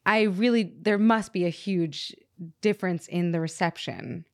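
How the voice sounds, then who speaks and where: A woman's voice: fairly low pitch, unhurried, creaky, no echo. A woman hosts a casual interview and keeps it moving with curious, prompting questions. She banters easily with her guest. Her voice is recorded close and dry, with no room sound. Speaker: podcast host.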